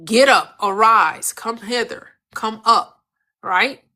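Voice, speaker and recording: A woman's voice: a little high, takes it slowly, bright, forceful tone. A woman giving a spiritual teaching in an emphatic, preacherly cadence, repeating phrases and asking rhetorical questions.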